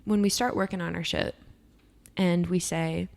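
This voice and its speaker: A young woman speaks in a low, gravelly voice. She is co-hosting a podcast in casual chat. She talks candidly and with emphasis, swearing freely as she goes. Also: fairly even intonation, normal speed, darkish tone, a little hiss or hum. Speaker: podcast co-host.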